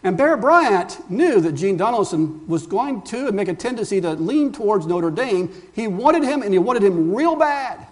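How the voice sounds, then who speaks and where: A man's voice, sitting high and sing-song, moves at normal speed with few pauses. He is a pastor preaching emphatically, asking rhetorical questions and speaking to the congregation as friends.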